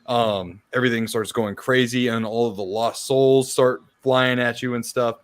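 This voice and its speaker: A relaxed man on a podcast, rambling through a recollection with plenty of ums and the odd curse. His voice sits at an ordinary middle pitch. The sound is close and dry. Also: normal speed, no room sound. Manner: relaxed, filler-heavy, laughs and swears while recounting. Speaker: podcast co-host. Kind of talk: casual chat.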